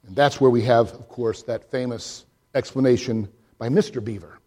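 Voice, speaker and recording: A male pastor delivers a sermon at a moderate pace with few pauses, swinging between loud, high swells and quiet, hushed drops. He also reads a story aloud, doing voices for it.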